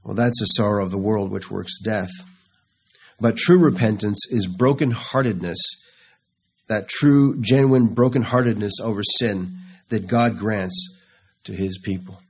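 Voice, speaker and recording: Husky-voiced man preaching earnestly. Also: on the low side, measured pace. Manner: earnest, pleading scripture reading. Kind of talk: sermon.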